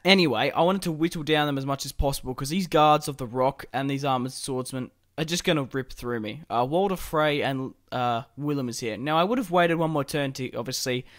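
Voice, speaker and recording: A young gaming-channel host with a mid-range, slightly bright voice talks casually through a strategy game in his let's-play. He's chatty, swearing and laughing as he goes.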